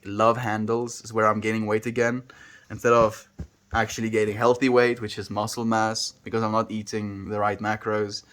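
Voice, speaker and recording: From his home, a man with a South African accent and a fairly low voice talks casually with livestream viewers, loose and relaxed, having fun with how words come out.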